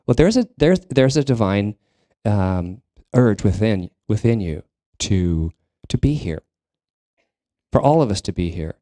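A man delivering a sermon to his congregation in a slow, unhurried cadence, often pausing and restarting mid-sentence. His voice is low and mellow, recorded close and dry with little room sound. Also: sing-song, no room sound. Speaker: minister. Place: church sanctuary.

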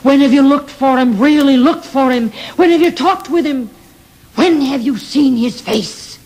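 A man's voice: high-pitched, expressive, a little slow, breathy edge, full character voice. A man doing a stern, impassioned old prophet. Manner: preaching, rising and pleading.

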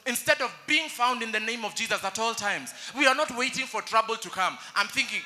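Young Kenyan male pastor, animated sermon delivery, high and bright. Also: brisk, hardly any pauses. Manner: animated preaching, switching between English and Swahili.

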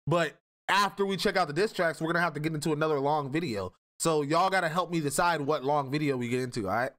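A man's voice: on the high side, quick pace, fairly bright tone. A man streaming live, reacting to a video in a casual, slangy way and laughing often.

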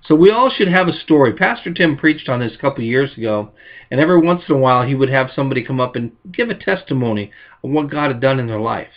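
A man preaching a sermon as pastor, telling stories and acting out quotes with lively emphasis. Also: mid-range voice, fast talker, dull audio.

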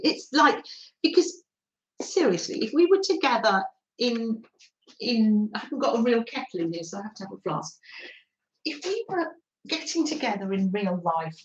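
A middle-aged woman hosting a craft live stream, chatting gently with viewers and laughing often. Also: on the high side, highs cut off. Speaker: craft livestream host. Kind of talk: casual live-stream chat.

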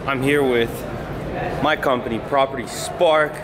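Upbeat, hoarse young guy hosting his own vlog, who has lost his voice, with a roomy echo around him. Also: medium pitch, fairly even intonation, unhurried, crowd noise. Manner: upbeat, hyped, pep-talk phrases. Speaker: vlogger. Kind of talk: casual vlog talk to camera. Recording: roomy sound with music underneath.

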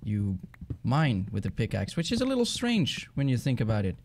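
A man with a Dutch accent talks loosely while he plays, rambling from one thought to the next and getting excited easily. His voice sits at an ordinary pitch. A faint hiss runs under the recording. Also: normal speed. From Netherlands. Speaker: gaming channel host. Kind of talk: casual let's-play commentary.

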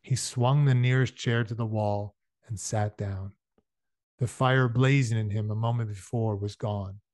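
A man's voice: on the low side, steady tone, a little slow, a little mellow, dry recording, studio quality. A man reading a novel aloud chapter by chapter, breaking in now and then with casual explanations for his listeners. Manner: casual explanatory asides between passages. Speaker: audiobook reader.

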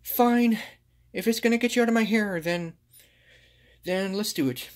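A woman's voice: medium pitch, moderate pace, a little mellow, natural voice. A woman voicing a grumpy, rude male green ogre, sighing and grumbling in home toy play-acting.

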